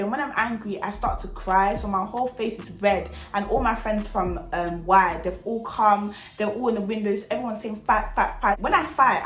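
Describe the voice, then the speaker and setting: A young woman telling a lively storytime in a vlog, full of slang and acted-out scenes. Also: mid-range voice. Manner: animated, slangy, acts out the scenes. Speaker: vlogger. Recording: echoey room.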